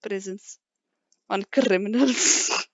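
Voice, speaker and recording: A woman's voice: medium pitch, slow, no echo. A woman hosting a game playthrough, chatting playfully and giggling with a friend. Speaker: let's play host. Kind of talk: casual chat over a game.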